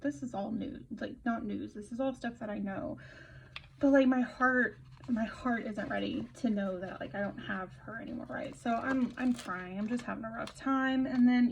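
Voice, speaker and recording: Chatty woman with a gravelly edge. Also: medium pitch, a little hiss or hum, poor audio. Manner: rambling, animated, many fillers and self-interruptions. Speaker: planner vlogger. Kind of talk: casual chatty storytelling while decorating a planner.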